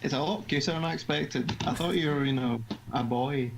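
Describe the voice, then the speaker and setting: A snarky teenage club president girl from a game, all crude teasing and deadpan put-downs, as a Scottish man reads her lines. The voice sits a little high, with faint hiss behind it. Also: fairly quick, creaky. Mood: mocking.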